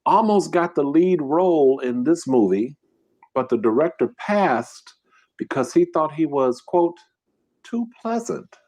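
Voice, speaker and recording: A man's voice: on the high side, unhurried, a little mellow. A man hosting a live-stream trivia game, reading questions aloud and bantering casually with his chat. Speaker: mukbang host running a live trivia game.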